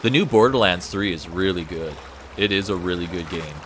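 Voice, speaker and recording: Over background game music, a low-pitched streamer speaks a little fast into a USB desk microphone, casually commenting on his gameplay, thinking aloud and often repeating himself. There's slight background noise.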